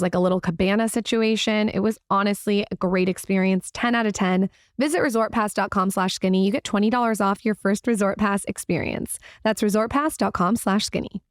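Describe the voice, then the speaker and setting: Female podcast co-host, mid-pitched voice, bubbly casual ad read, dry close mic. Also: no room sound.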